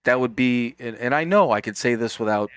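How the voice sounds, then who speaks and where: A man's voice: medium pitch, a little fast, fairly bright tone, clear, resonant tone, no echo. A man co-hosting a podcast in casual chat, telling a story in a rambling way with frequent restarts, mild profanity and bursts of hard laughter. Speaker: podcast co-host.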